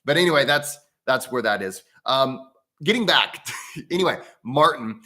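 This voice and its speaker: An American man talks loosely on a livestream. He circles back and restarts his sentences, and he breaks off to greet viewers by name in the comments. His voice sits at a middling pitch with a bright, forward edge. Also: expressive, normal speed. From United States. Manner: rambling, with frequent restarts; reads out viewer comments and chats with them. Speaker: breathwork channel host. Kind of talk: casual livestream talk.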